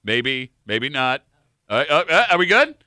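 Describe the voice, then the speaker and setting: Lively, bright-voiced male sports radio host. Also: medium pitch, normal speed, dry recording, studio quality. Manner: teasing, runs the segment.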